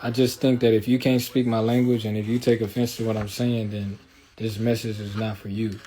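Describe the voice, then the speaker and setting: A man's voice: fairly low pitch, level tone, a little fast, mellow. A man hosting a livestream in a loose, streetwise, rambling way, often checking in with his listeners. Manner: loose, streetwise, rambling, with frequent filler asides. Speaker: livestream host. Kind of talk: casual livestream talk.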